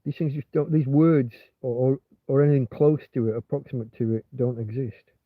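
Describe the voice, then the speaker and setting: A man's voice: medium pitch, fairly even intonation, brisk, dry recording. A man hosting a rambling, casual livestream chat, meandering with many restarts and fillers. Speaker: livestream host. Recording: tinny phone-like sound.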